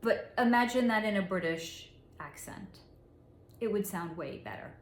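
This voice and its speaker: A woman psychic reader telling a story in a monologue, with deliberate dramatic pauses and frequent laughs. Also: medium pitch, animated. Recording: echoey room.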